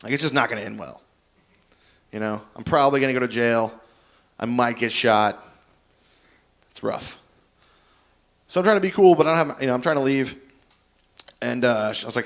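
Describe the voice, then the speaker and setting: Male stand-up comic, middle pitch, loose rambling delivery, self-deprecating, open-mic set on a stage mic. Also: brisk, pauses often. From Indiana. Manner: rambling, self-deprecating storytelling with many fillers. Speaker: stand-up comedian.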